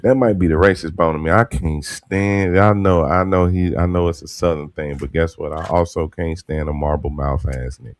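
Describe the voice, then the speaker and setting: Brief: low-pitched male co-host, loose and profane, emphatic casual chat. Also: normal speed, few pauses. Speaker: podcast co-host. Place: in Texas.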